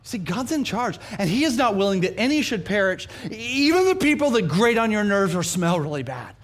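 A pastor from New Mexico, USA, preaches a sermon full of animated, humorous storytelling and self-deprecating asides. His voice sits high and he speaks at a moderate pace.

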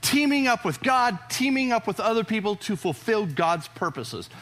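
A man's voice: sits high, very animated, moderate pace, fairly bright tone, soft background music. A man preaching a sermon to his congregation in an emphatic, conversational way, often restarting his phrases. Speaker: pastor. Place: church service before a congregation.

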